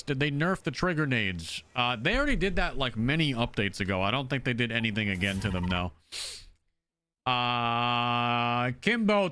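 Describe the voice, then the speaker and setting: A man streaming a video game live, chatting casually and excitably shouting thanks to his supporters. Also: mid-range voice, clean tone.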